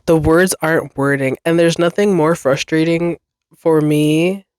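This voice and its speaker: In a low-pitched, steady, darkish voice that is clear and resonant, a woman in her twenties talks alone on her podcast at a measured pace. She rambles, mocks herself, and swears and laughs often, in studio quality with no echo.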